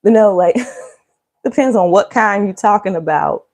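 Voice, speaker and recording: A woman's voice: medium pitch, a little slow, darkish tone. Chatty woman livestreaming. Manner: chatty, rambling, joking. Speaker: livestream host. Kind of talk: casual livestream chat.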